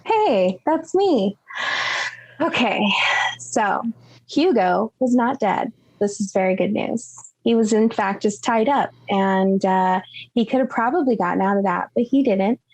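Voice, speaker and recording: A woman players' recap of a tabletop game, chatty and giggly, dropping into quick voices for characters. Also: medium pitch, darkish tone, dry recording, low-quality recording.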